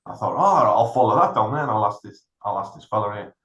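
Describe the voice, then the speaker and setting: A man's voice: lowish voice, fast, dull audio. A middle-aged man, a veteran co-hosting a podcast, telling a story in a casual chat and acting out the other people in it. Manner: animated anecdote-telling, acts out other people's lines. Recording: roomy echo.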